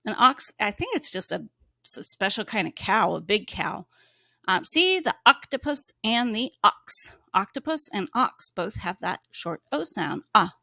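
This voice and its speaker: A woman teaching a phonics reading lesson to young children, drawing out sounds slowly and gently prompting the child with questions. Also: medium pitch, very animated, no echo, clean studio sound. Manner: slow, clearly sounded-out words for young children.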